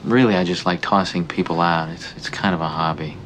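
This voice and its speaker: An actor plays a wry man who makes fun of himself with dry humor. His voice sits very low. The TV clip carries clear background noise. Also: fairly even intonation, fairly quick, natural voice. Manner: dry, self-deprecating.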